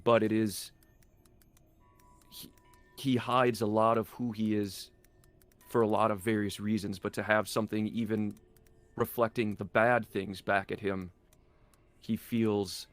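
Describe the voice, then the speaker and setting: A man playing a tabletop role-playing game, describing his character's actions in a halting way, restarting and thinking aloud as he goes. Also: lowish voice, level tone, no echo, faint music behind. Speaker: player.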